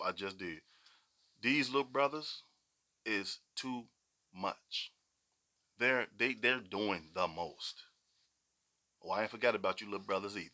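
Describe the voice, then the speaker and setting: A middle-aged man holds forth on a casual podcast, voice pitched low but pushed hard and bright. His delivery is slangy and emphatic, and he drives each point home by saying it twice. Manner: emphatic, slangy, repeats himself for weight. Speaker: podcast co-host.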